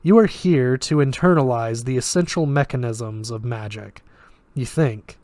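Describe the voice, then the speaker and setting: A man voicing a sardonic male magic professor who speaks in a flat, lecturing way with a Russian accent. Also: medium pitch, unhurried, no echo, close to an everyday voice.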